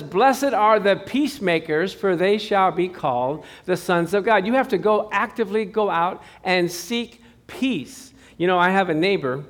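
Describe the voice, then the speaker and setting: A man's voice: high-pitched, a bit bright. A male pastor giving a sermon, telling a personal story in a chatty way and calling out to the congregation. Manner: chatty storytelling with crowd call-outs.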